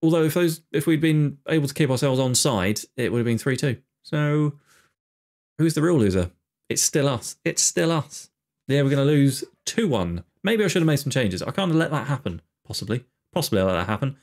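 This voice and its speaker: A man's voice: mid-range voice, animated, a little fast, darkish tone. A man giving casual, exasperated running commentary on his own video game play, with sarcastic asides about his team. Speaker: gaming video host.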